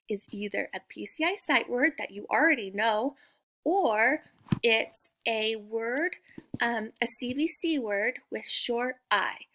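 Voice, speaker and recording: High-voiced teacher sounding out letters slowly. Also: female voice, creaky, fairly bright tone. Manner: slow, exaggerated sounding out of letters, encouraging. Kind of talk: phonics lesson for young children.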